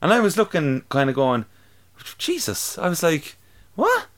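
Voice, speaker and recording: A man's voice: fairly high pitch, expressive, fairly quick. A young man chatting casually about films on a podcast, laughing often and swearing freely. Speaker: podcast co-host. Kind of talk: casual chat reviewing films.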